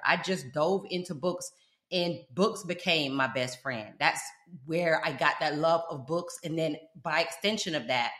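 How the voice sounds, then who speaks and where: A woman guest telling her story in an animated, emphatic way, with Jamaican parents and a South Florida upbringing. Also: fairly low pitch, echoey room. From Jamaican parents, grew up in South Florida. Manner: animated, emphatic, quotes others in lively voices. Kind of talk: candid conversational storytelling.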